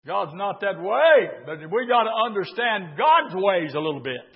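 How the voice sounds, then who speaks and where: A preacher with a very high, husky voice delivers a sermon. He drops to a hush, then rises to a shout. The recording is dull and lo-fi. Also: sing-song, normal speed, in a large hall. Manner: swings between hushed talk and shouted preaching.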